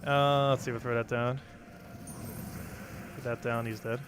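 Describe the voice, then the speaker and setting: A young man on a game livestream, mid-range and flat in delivery, speaks at a measured pace against background noise. Casual and rambling, he replies to chat and explains strategy with many ums and likes.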